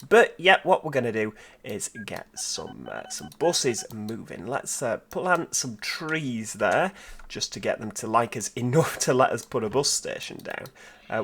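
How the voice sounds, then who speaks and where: A man provides casual let's-play commentary, thinking out loud and tossing in rhetorical tag questions. His medium-pitched voice is a bit bright with a breathy edge.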